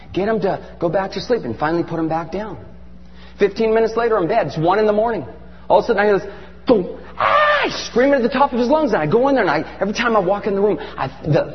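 A middle-aged man preaching a sermon with animated, emphatic storytelling. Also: high voice. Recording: dull lo-fi recording in a reverberant hall with faint hum.

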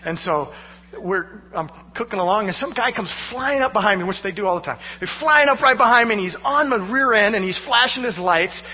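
Male pastor, sermon storytelling, husky voice, self-mocking, dull recording, long reverb. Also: high-pitched, fairly quick. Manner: animated, self-mocking, laughing between lines.

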